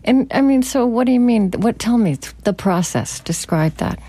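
A woman's voice: on the high side, expressive, normal speed, dark tone. A woman hosting a podcast, probing and paraphrasing her guests, also reading the closing credits. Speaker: podcast host. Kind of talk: interview and scripted credits.

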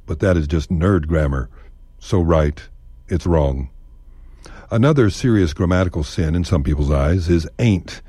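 Low mellow texan guy, folksy radio storyteller, dry close mic. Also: moderate pace, husky, no echo. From Texas. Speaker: storyteller host.

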